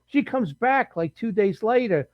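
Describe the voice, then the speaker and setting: High-voiced man telling rambling stories. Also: lively intonation, measured pace, no room sound, muffled recording. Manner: rambling anecdotal storytelling with many restarts. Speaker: paranormal researcher guest. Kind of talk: casual interview storytelling.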